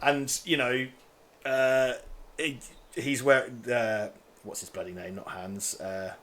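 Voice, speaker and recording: A man's voice: mid-range voice, fairly even intonation, slow, a bit bright. A man chatting casually as podcast co-host, rambling and swearing with plenty of fillers. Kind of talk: casual film commentary chat.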